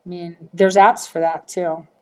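Middle-aged woman host, low-pitched, blunt and profane, rambling casual rant to her audience. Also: level tone, measured pace. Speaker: livestream host answering viewers.

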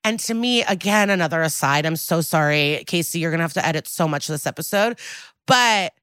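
Bright-voiced woman podcast host, outspoken. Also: sits low, fairly quick, smooth, dry recording. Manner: animated storytelling with frequent laughs and asides; blunt and outspoken. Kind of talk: casual chat recapping a TV episode.

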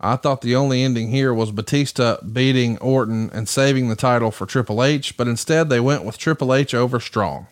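A man hosting a podcast, giving a brisk recap of matches with wry asides. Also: medium pitch. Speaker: podcast host. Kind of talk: casual wrestling recap commentary.

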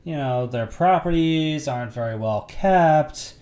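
A man's voice: fairly high pitch, expressive, measured pace, a little mellow. A man co-hosting a podcast, chatting casually about films with enthusiastic, rambling restarts. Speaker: podcast co-host. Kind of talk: casual movie chat.

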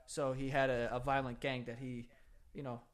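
A man's voice: mid-range voice, flat delivery, normal speed. A young man co-hosting a podcast, laid-back and swearing freely as he chats and laughs. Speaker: podcast co-host. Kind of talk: casual comedic chat.

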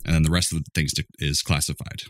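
A man with a very low, deep voice co-hosts a casual podcast, recorded close and dry. He laughs a lot and drifts between reading a report and joking about it. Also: level tone, quick pace, dry recording. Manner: laughs often, reads out a report then riffs on it. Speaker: podcast co-host. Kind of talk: casual chat.

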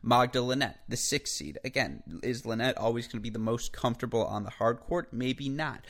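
A man's voice: mid-range voice, animated, a little fast, fairly bright tone. A man hosting a solo sports podcast, talking energetically in a chatty way with frequent asides and self-corrections. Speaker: podcast host. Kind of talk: solo tennis podcast monologue.

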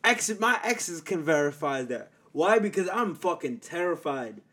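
A man co-hosting a podcast in casual chat, loud and emphatic, swearing and repeating himself. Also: on the high side, big pitch swings, a little slow, slightly rough. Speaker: podcast co-host.

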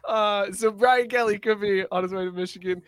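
A man's voice: sits high, fairly even intonation, brisk, smooth, no echo, poor audio. A man hosting a casual sports talk show, upbeat and laughing often as he steers the talk. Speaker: podcast host.

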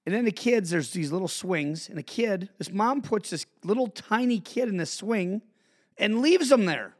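A man with a fairly high voice rants into his podcast mic, swearing freely. His pitch leaps all over the place, dropping to low grumbles and then jumping up into shouts. He sounds like a worked-up host sounding off to his listeners. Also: moderate pace. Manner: animated, profane, swings from mutters to shouts. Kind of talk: ranting monologue.

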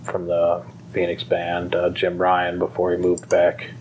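A man's voice: low-pitched, completely flat delivery, unhurried, a little mellow, a little hiss or hum, low-quality recording. A man who runs a fire department pipe band school, talking casually and rambling with many fillers and restarts. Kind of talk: casual conversation.

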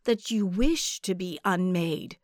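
A woman voicing a cold, commanding old witch who speaks low, soft and menacing. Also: lively intonation, slow, dry recording, studio quality.

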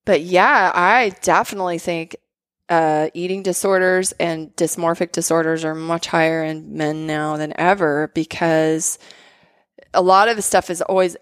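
A woman's voice: lowish voice, a little slow, dry recording. Woman chatting, lots of likes and ums, dry close mic. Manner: animated storytelling with many fillers. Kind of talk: casual conversation.

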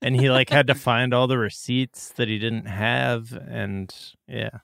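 A man's voice: medium pitch, flat delivery, gravelly, a bit bright, smooth, no room sound, studio quality. A man co-hosting a podcast who adds brief asides in casual chat. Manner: brief interjections and quick asides. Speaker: podcast co-host.

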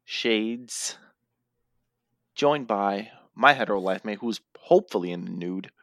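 A man's voice: fairly low pitch, animated, unhurried, a bit bright, no room sound, clean studio sound. Tired, joking male podcast host. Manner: playful, jokey, rambling with fillers. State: yawning, tired. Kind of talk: casual wrestling recap podcast.

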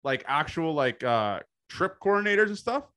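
A young man hosting a podcast, his voice bright and forceful. He speaks bluntly and swears freely, and he stretches out his phrases. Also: fairly high pitch, big pitch swings. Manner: blunt and profane, drawn-out phrasing. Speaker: podcast host. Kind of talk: casual podcast chat.

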